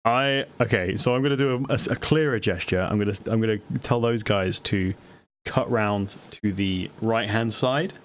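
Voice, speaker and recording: A man in a low register rambles through his turn at a tabletop game. He plays it up, restarts his sentences and chats casually. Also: normal speed. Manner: rambling, playful, lots of restarts.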